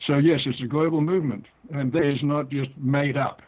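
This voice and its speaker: An older man with a New Zealand accent, a guest author talking deliberately through an interview. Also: a little high, fairly even intonation, husky. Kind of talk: interview over the phone. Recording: tinny phone line.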